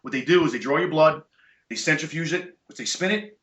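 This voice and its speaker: Bright-voiced middle-aged man telling stories. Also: a little high, a little fast. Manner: animated, emphatic, blunt with profanity. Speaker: podcast guest, chiropractor and jiu-jitsu black belt. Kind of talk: casual storytelling chat. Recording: echoey room, dull lo-fi sound.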